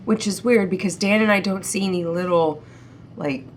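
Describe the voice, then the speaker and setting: A woman's voice: medium pitch, moderate pace, slight background noise. A middle-aged woman from Ohio vlogging casually to camera, stuffy-nosed from allergies, chatty and rambling with lots of ums. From Ohio, United States. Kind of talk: casual vlog chat to camera.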